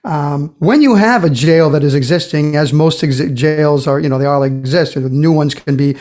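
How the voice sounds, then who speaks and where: A man's voice: on the high side, a little mellow, faint music behind. A man co-hosting a podcast interview, cracking dry jokes and asking probing questions. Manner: quick-witted, inquisitive. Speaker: podcast co-host.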